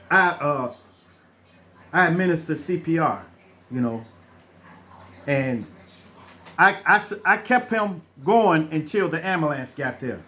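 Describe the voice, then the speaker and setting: High-pitched middle-aged guy telling a story, rambles and restarts a lot. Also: pushed and bright. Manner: rambling with frequent restarts, acts out the people in his stories. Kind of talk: casual spoken storytelling.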